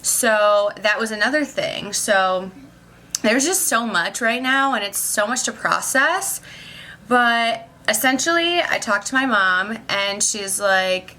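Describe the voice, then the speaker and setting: A young woman, a social worker who vlogs, talks about her day in a casual, emotional vlog. Her voice is a little high, pushed and bright, her pace measured, with slight background noise. She rambles and says "like" constantly.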